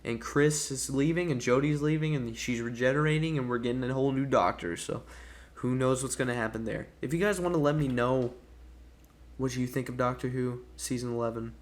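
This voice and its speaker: A man's voice: medium pitch, fairly even intonation, fairly quick. Frustrated young-sounding man ranting casually. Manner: rambling, profane, frustrated, peppers talk with "dude" and "man". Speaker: gaming YouTuber. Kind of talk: casual ranting review to camera.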